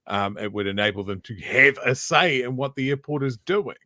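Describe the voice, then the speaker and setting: New zealand man, co-host, lively emphatic commentary, dry close sound. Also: mid-range voice, moderate pace, dry recording. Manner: animated, emphatic, argumentative. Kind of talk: casual political commentary.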